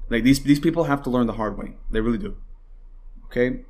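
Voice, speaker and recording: A young male podcast host delivers casual political commentary as a heated, rambling rant with heavy swearing and constant fillers, sometimes mocking opponents in put-on voices. He talks fast in a medium-pitched, slightly mellow voice.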